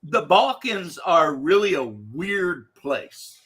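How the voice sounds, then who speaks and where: A man talking loosely with a co-host, his voice set a bit high and cutting through with a bright, forceful edge. He rambles from point to point and laughs as he goes. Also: very animated, takes it slowly, breathy edge. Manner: rambling, laughs often, bursts into shouted imitations. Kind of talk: casual chat.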